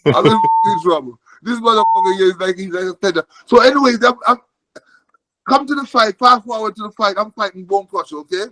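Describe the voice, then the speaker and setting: Jamaican man, animated profane storyteller, high voice, repeats himself. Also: fast talker, poor audio. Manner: animated, profane, repeats words and says okay often. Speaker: guest telling a boxing story. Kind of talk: casual storytelling.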